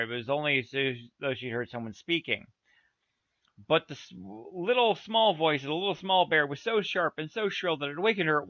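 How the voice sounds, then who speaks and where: A man's voice: a little high, dry recording. A man reading a children's story aloud with playful asides to his listeners. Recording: dull, dry lo-fi recording.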